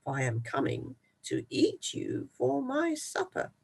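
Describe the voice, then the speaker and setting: A storyteller voicing a menacing troll under a bridge, booming out threats in a read-aloud tale. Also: wildly swooping pitch, a little slow, creaky, breathy edge, heavily acted. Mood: threatening.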